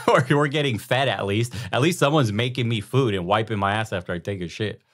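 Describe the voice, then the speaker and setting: A man's voice: lowish voice, brisk, a bit bright. A man hosting a reaction show, mocking and crude in his slangy commentary. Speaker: host.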